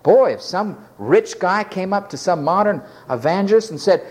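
Animated male preacher with a lively pitch. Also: normal speed. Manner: animated, dramatic, acts out scenes. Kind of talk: sermon.

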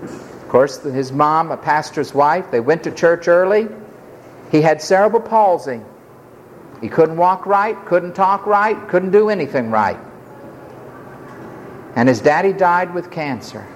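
A preacher delivers an impassioned sermon in a high, lively voice that leaps and drops. His lines swing from near-shouts down to hushed murmurs. A faint noise sits behind him. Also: unhurried, long pauses, poor audio.

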